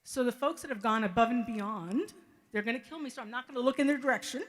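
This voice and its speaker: Middle-aged woman, mother of the bride, fairly high voice, emotional and halting wedding speech. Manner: halting, repeats words, deeply grateful.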